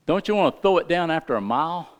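A man's voice: on the high side, expressive, fast talker, clear, resonant tone. A middle-aged man preaching a sermon in a folksy, emphatic way, full of rhetorical questions. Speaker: pastor.

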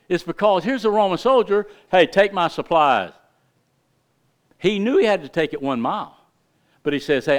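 A middle-aged man preaching a sermon in a folksy, emphatic way, full of rhetorical questions. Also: sits high. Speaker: pastor.

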